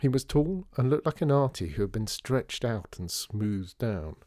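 A man narrating a storybook in a measured, wry way. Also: mid-range voice, animated, mellow, no room sound, clean studio sound.

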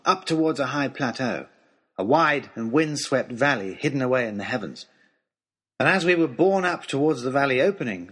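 A man telling a storybook adventure in the first person, reading with expressive, dramatic delivery. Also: mid-range voice, husky. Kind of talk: scripted first-person narration.

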